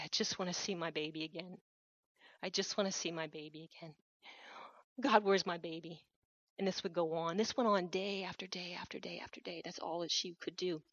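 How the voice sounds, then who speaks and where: A middle-aged woman tells a personal story in an earnest, reflective way, pausing softly between thoughts. Her voice comes through a slightly dull, muffled recording in a dry space with no room sound. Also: medium pitch, no echo. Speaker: missionary speaker. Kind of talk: personal testimony talk.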